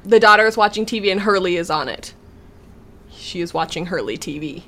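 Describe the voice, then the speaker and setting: A woman's voice: fairly low pitch, lively intonation, pushed and bright, slight background noise. Playful woman retelling scenes in silly voices. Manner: retells scenes in quick mock voices, laughing. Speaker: podcast co-host. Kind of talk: casual recap chat.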